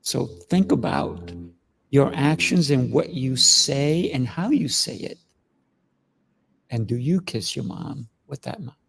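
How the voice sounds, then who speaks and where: A man hosting a talk show, telling an animated story and giving advice in a casual conversational way. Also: mid-range voice, slow, creaky, slight background noise. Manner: animated storytelling with acted quotes. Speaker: host.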